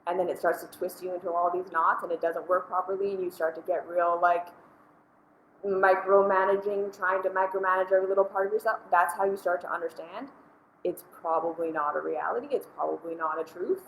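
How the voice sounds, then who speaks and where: Low-voiced woman in an echoey room. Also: fairly even intonation, a little fast, slight background noise. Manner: earnest, conversational, frequent "like" fillers. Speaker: host. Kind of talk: casual spoken commentary.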